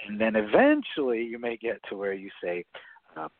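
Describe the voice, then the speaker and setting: A man's voice: fairly low pitch, wildly swooping pitch, normal speed, no room sound. A man speaking as a guest author on a radio interview, explaining things chattily and often checking in with "right?". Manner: chatty, frequent "right?" tags and laughs. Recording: tinny phone line on radio.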